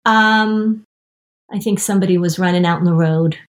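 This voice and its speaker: A woman's voice: lowish voice, steady tone, normal speed. A middle-aged woman therapist talking on a podcast, explaining things and acting out parent and kid quotes. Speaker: therapist and anxiety expert. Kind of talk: podcast talk.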